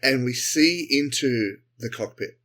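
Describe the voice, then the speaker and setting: A man co-hosting a comedy podcast, improvising a sci-fi story and jumping into quick character voices. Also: medium pitch. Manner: animated, acts out characters in quick bursts. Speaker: podcast co-host.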